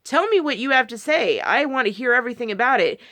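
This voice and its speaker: A woman with a bright, forceful tone and a fairly high voice tells a personal story straight to camera. She rambles, restarts her sentences and breaks into quoted lines of dialogue as she goes. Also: lively intonation, fast. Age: adult, married. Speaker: video creator. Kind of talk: casual monologue to camera.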